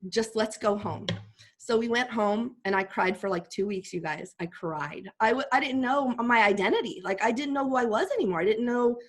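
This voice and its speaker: Animated woman telling a personal story. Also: fairly high pitch, normal speed, husky. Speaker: guest speaker.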